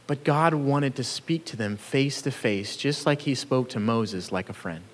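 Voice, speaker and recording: A man's voice: medium pitch, unhurried, long reverb tail. A man preaching a sermon in an earnest, conversational way, chuckling now and then between points. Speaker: pastor.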